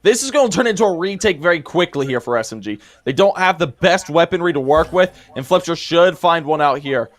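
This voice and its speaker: A man with a high voice calls an esports match live. He is emotional and breaks into frustrated shouts at the players' mistakes. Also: lively intonation, fairly quick, few pauses. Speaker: esports caster. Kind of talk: live play-by-play commentary.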